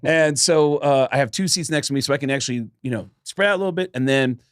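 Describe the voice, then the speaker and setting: A podcast co-host with a mid-range voice speaks fast, recorded in clean studio sound without room noise. He tells a story in casual chat, animated and acting out the quotes.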